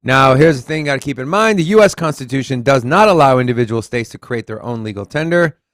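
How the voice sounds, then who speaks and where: Animated Texan man reading crypto news. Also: mid-range voice, fast, no echo, clean studio sound. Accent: Southern US. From Texas. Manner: animated, reads articles aloud, swears casually. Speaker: podcast co-host. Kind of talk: casual crypto news chat.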